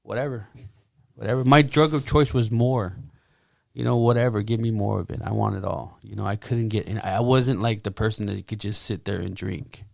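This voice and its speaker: A man as podcast guest, sharing his testimony in casual talk, animated and acting out his own quotes. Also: fairly low pitch, normal speed, creaky, no room sound, clean studio sound.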